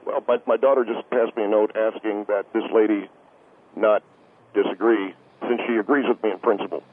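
A man's voice: fairly low pitch, steady tone, brisk, pitched below the performer's own voice, lightly acted. A man playing a flustered, anxious father who stammers and hesitates as a call-in radio guest. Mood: defensive. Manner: stammering, hesitant, many uh's. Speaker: guest on phone. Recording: tinny phone line.

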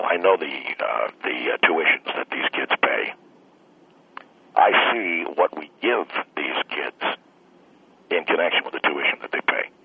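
A man calling in to a radio show, talking slowly with halting restarts and a prickly, preachy manner. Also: extremely low pitch, gravelly, husky. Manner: slow, halting, full of restarts. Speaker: caller. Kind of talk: call-in radio talk. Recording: tinny phone line.

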